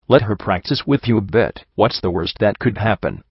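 A man's voice: on the low side, lively intonation, moderate pace, husky, no room sound, muffled recording. A man voicing a brash young mare DJ who talks in a casual, cocky, teasing way. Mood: coaxing.

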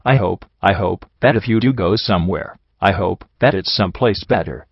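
A man's voice: low-pitched, normal speed, vocal fry, slightly rough, no echo, heavily acted. A man voicing a young mare pony hero, strained and emotional, in a dull, dry audiobook recording. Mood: grieving.

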